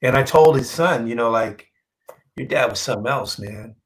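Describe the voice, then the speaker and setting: The audio is poor, and the man's pitch is medium. He's a comic book artist in a casual interview, telling an animated story full of acted-out quotes, pausing and repeating himself when something moves him.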